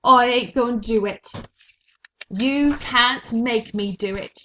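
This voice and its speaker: A woman reading aloud voices a rough, simple young serving girl who talks high, loud and shrill, with a rustic way of speaking. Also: takes it slowly, slight background noise. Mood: defiant. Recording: dull lo-fi recording.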